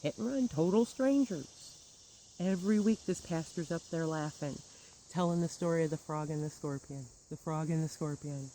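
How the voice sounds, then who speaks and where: A woman's voice: low voice, normal speed, mellow, slight background noise, low-quality recording. A woman telling a personal grievance story in a bitter, sarcastic monologue with wry laughs. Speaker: churchgoer recounting grievances.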